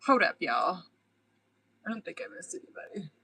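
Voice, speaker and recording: Casting: young woman tarot reader on a live stream, bright tone, blunt, swears a lot, chatty. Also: lowish voice, very animated, moderate pace, creaky, a little hiss or hum, rough recording. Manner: blunt, profane, chatty, laughs often.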